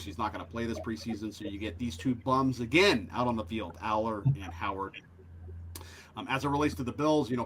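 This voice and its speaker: A man's voice: medium pitch, a bit bright, a little hiss or hum, rough recording. A man hosting a sports betting show, talking casually and animatedly with many fillers.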